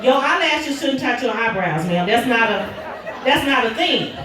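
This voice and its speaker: A stand-up comedian from Oklahoma, telling animated stories about her kids. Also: moderate pace, crowd noise. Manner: animated, jumps high in pitch for punchlines. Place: comedy club stage. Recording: echoey club from a distance.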